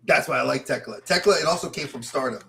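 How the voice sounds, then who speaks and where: A man co-hosting a wrestling podcast in casual chat, animated and rambling through lists of names. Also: medium pitch, fast talker, vocal fry, slight background noise. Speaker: podcast co-host.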